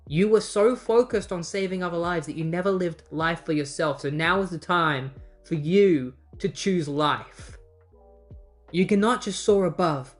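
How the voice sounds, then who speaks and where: A host retelling a comic book story in a casual way, often slipping into quoted lines of dialogue. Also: mid-range voice. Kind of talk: casual recap narration.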